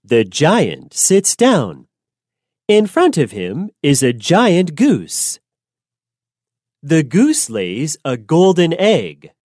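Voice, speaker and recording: Slow, lively storybook narrator woman. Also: low voice, dry recording, studio quality. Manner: clear, simple and deliberate.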